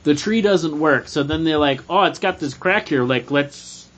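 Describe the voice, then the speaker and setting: A man in a casual brainstorming chat, thinking aloud as he pitches plot ideas with many fillers. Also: normal speed, fairly bright tone. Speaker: writer brainstorming a sketch. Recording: dull lo-fi recording.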